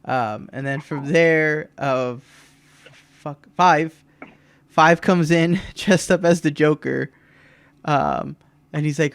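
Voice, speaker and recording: Lively man retelling wrestling skits. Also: a little high, takes it slowly, creaky, long pauses, clear, resonant tone, dry recording. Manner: animated retelling, mimics wrestlers' lines with laughs. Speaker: podcast co-host. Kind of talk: casual chat recapping a wrestling show.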